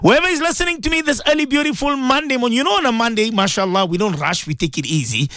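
A man hosting devotional morning radio, talking fervently and repetitively, rising to high exclamations and dropping to hushed, prayerful tones. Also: animated, fast talker, no room sound, clean studio sound. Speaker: radio host. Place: radio studio.

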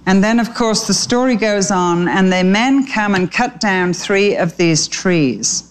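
A woman preaching a sermon in an animated, chatty storytelling manner. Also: mid-range voice, measured pace, clear, resonant tone, low-quality recording.

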